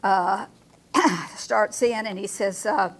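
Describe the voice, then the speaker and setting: A woman leading a Bible study class, reading verses slowly and asking her group questions. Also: mid-range voice.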